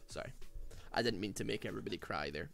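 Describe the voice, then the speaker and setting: A man's voice: on the low side, lively intonation, fast talker, creaky, a bit bright, faint music behind. A young man with a Glaswegian Scottish accent, chatting casually while playing a game, rambling with lots of "like", "man" and "dude". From Glasgow, Scotland. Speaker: streamer. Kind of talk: casual chat while gaming.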